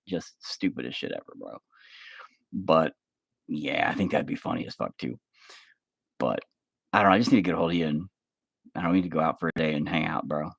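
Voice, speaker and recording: A man's voice: sits low, no room sound, clean studio sound. A man rambling casually in a vlog, swearing often and calling the listener "bro", recorded on a handheld phone at home. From Oklahoma. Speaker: vlogger. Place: at home, kids nearby. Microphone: phone held up.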